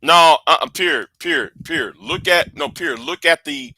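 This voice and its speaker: A man giving casual political commentary on a call, halting and restarting his sentences often. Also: a little high, sharp tone, no room sound. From United States. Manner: halting, many repeats and restarts.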